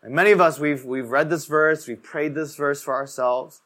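A man's voice: fairly high pitch, fairly even intonation, moderate pace, fairly bright tone. A young man giving a casual, conversational sermon, telling stories and filling his talk with "like". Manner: casual storytelling, fills talk with "like". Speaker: preacher.

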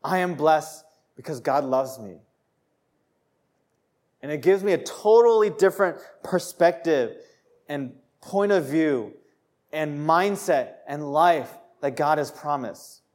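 Animated young man preaching. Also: a little high, slow pace. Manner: animated, laughing storyteller, rising to joyful shouts. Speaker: pastor. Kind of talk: sermon with personal story.

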